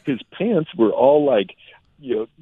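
Deep-ish guy, a doctor, chatty stories, lots of "you know", dry tinny radio sound. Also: unhurried, breathy edge, dry recording. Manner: animated storytelling with fillers. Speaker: functional medicine doctor. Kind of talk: radio talk show guest. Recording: tinny phone-like radio audio.

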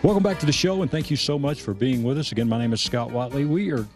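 A man's voice: mid-range voice, fast talker, loud music behind the voice. A man hosting a radio talk show, casual and upbeat as he chats with his guest.

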